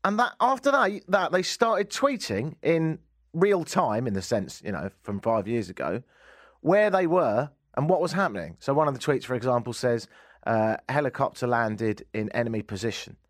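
A man's voice: medium pitch, sing-song, normal speed, no room sound, clean studio sound. A man with an English accent hosting a radio talk show, talking in a wry, exasperated comic rant. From England. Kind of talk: casual comic radio monologue. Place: radio studio.

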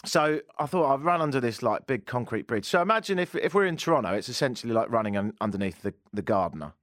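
A man's voice: medium pitch, expressive, fast, fairly bright tone, no room sound, clean studio sound. A man hosting a talk radio show, rambling, jokey and self-deprecating. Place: radio studio.

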